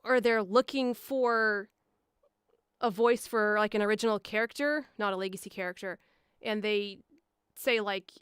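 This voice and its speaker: A young woman voice actor chatting on a live stream, rambling casually with lots of fillers and bursting into higher voices to act out quoted lines. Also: moderate pace, clean tone, dry recording, studio quality. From Milwaukee area. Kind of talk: casual live-stream chat answering viewers. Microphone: studio mic, a foot away.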